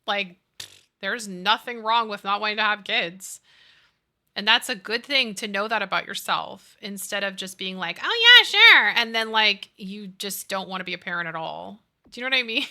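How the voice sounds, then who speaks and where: A woman's voice: medium pitch, animated, measured pace, bright, forceful tone. A woman in her thirties chatting casually with her live-stream chat, gushing and reading out viewers' messages.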